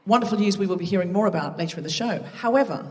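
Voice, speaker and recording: A woman's voice: mid-range voice, animated, rapid-fire, in a large hall, distant mic. A woman hosting a live comedy podcast on a theatre stage, chatty and self-mocking as she banters with the audience. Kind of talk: live stand-up hosting with crowd work. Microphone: stage microphone.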